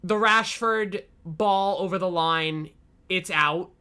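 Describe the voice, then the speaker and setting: Bright-voiced rambling football podcast guy. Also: sits high, takes it slowly, clear, resonant tone. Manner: rambling, animated, self-deprecating. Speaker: podcast co-host. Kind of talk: casual football chat.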